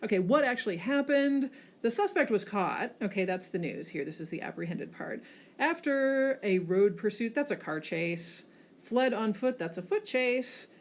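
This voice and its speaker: Woman teacher, lively "okay?" tags. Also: medium pitch, moderate pace. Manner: frequent checking "okay?" tags, lively emphasis. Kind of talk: classroom lecture on slides.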